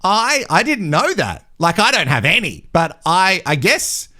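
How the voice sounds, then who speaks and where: A man's voice: high voice, sing-song, unhurried, pushed and bright. A young man hosting a casual recap vlog, playful and sarcastic, laughing often. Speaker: vlog host recapping a reality show.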